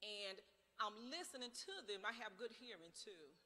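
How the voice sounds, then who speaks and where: A woman's voice: medium pitch, normal speed, bright, forceful tone. A middle-aged woman giving an impassioned campaign speech, telling stories and firing off rhetorical questions. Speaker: political candidate. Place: large church sanctuary. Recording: long church hall reverb.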